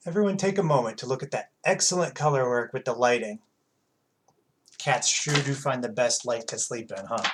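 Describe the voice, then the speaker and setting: A man's voice: mid-range voice, moderate pace, slight background noise. Friendly man hosting a kids' storytime. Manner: friendly, chatty, talks directly to kids. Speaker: children's librarian. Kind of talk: storytime read-aloud for children.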